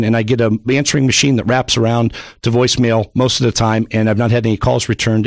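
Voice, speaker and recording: Gravelly fast-talking radio host man. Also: mid-range voice, dry recording. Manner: fast, gravelly, earnest with restarts. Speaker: radio talk show co-host. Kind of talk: talk radio hosting. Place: radio studio.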